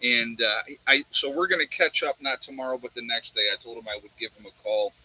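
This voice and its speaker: Male livestream host, very bright husky tone, rambling casual chat. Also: medium pitch, a little fast, rough recording. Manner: rambling storytelling with many fillers and restarts. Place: warm room indoors.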